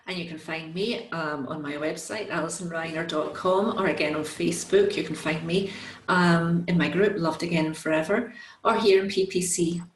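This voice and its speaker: A woman's voice: fairly low pitch, fairly even intonation, moderate pace. A woman guest on a casual video call, a relationship coach who hesitates and searches for words, laughing easily. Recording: echoey room on a call.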